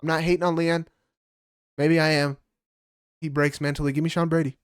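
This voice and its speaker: A man with a somewhat high voice trades fight picks on a casual podcast. He is blunt and heated and swears freely. The sound is dry and close, with no room echo. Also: level tone, fairly quick, clean tone. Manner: blunt, profane, heated opinions. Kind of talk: casual sports chat.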